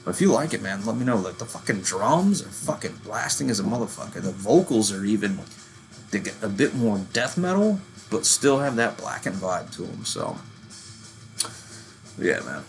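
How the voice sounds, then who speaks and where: A man's voice: on the low side, very animated, normal speed, vocal fry, soft background music. A man in his thirties ranting casually about metal bands, profane and rambling, calling himself a working-class hillbilly. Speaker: metal channel host. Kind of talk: casual rant.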